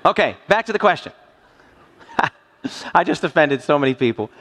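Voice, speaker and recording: Joking and quizzing the congregation with playful questions, a man delivers a sermon in a church hall. His voice sits on the high side, animated and a bit bright at a moderate pace, with the long reverb of a large hall.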